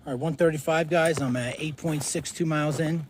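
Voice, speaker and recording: A man's voice: on the high side, steady tone, fairly quick, noisy background. A man on a hiking vlog, talking to the camera while he walks a snowy mountain trail, out of breath and tired from the altitude. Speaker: thru-hiker vlogger.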